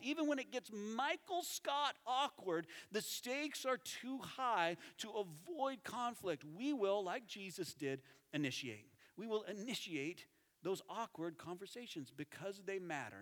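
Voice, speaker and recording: A man preaching a sermon as pastor, conversational and animated, dropping to soft tones for emphasis. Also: high voice. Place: church sanctuary. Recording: reverberant hall.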